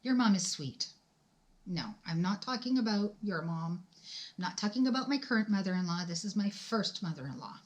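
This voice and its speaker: A woman's voice: medium pitch, expressive, fairly quick. A middle-aged woman telling a personal story to her viewers from home in a casual storytime vlog. She talks in a chatty, emphatic way and speaks straight to her audience.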